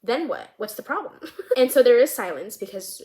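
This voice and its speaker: A woman's voice: a little high, very animated, normal speed, mellow. A young woman vlogger, bubbly and giggly, casually talking through her movie script with lots of fillers. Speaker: vlogger and screenwriter.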